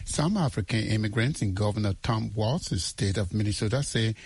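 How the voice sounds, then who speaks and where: Husky newsman in a dry booth. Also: lowish voice, normal speed, a little mellow, no room sound. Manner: crisp read narration. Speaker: news reporter. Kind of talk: news report.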